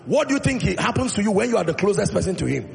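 A man's voice: high voice, very animated, very fast, vocal fry. A male pastor preaching a sermon with emphatic delivery, acting out Bible dialogue in his own voice. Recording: long reverb in a large hall, faint music.

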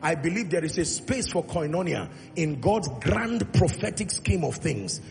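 A pastor preaches with a slightly high, gravelly voice, leading the congregation in call-and-response. He stretches key phrases out slowly and climbs to loud, emphatic peaks. His voice rings through a large church hall with a long echo and faint music underneath. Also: expressive, background noise. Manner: drawn-out, slow emphatic delivery on key points. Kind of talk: sermon.

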